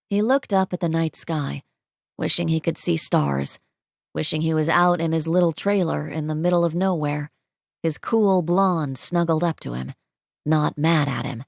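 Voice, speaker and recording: Steady, low-voiced woman audiobook narrator. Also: gravelly, dry recording, studio quality. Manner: steady, measured reading.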